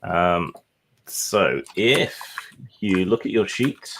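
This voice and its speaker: A man with a very low voice runs a tabletop game, setting each scene with slow, descriptive narration. He talks it through with occasional "uh" and "um" fillers. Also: animated, fairly bright tone, a little hiss or hum. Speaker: game master.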